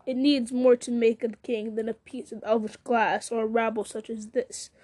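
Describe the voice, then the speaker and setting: A woman voicing a sneering male herald of a dark lord. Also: on the high side, little pitch movement, normal speed, natural voice. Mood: mocking. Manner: taunting, sneering, laughing at others.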